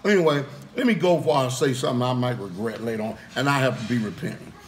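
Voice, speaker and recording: A man's voice: medium pitch, quick pace. A man preaching in a heated, blunt way, firing off rhetorical questions and cursing freely. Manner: curses freely. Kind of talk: fiery preaching.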